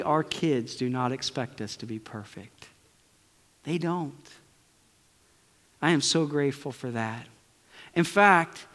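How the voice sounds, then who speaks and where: A middle-aged male pastor delivers a conversational sermon to his congregation, his slightly high voice swinging between loud bursts and near-whispers. The recording carries a long hall reverb.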